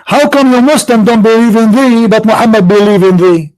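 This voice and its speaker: A man's voice: sits high, brisk, a little mellow, low-quality recording. A man hosting a heated religious debate, taunting with repeated rhetorical questions. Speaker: debate show host.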